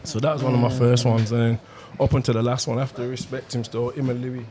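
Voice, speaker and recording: A man tells a story at a quick clip, heavy on street slang and given to bursts of laughter. His pitch is medium. A light hiss sits under the recording. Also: flat delivery, dark tone. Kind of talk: casual chat, storytelling.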